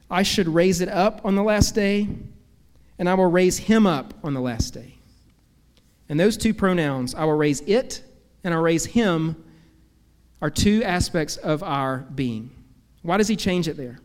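A man's voice: high voice, big-room sound. A man preaching an earnest, emphatic sermon as pastor, asking rhetorical questions. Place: church sanctuary.

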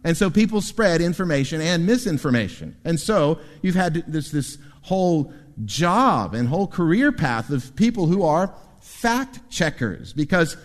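A male pastor preaching to his congregation, his slightly high voice swinging up and down with emphasis. He throws in quick asides between points. The sound carries a long reverb from the church sanctuary. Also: sing-song. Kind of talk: sermon.

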